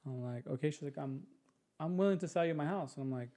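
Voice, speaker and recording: Guesting on a podcast, a young man with a voice on the high side tells a story casually. He gets animated, imitates others' voices and makes quick restarts.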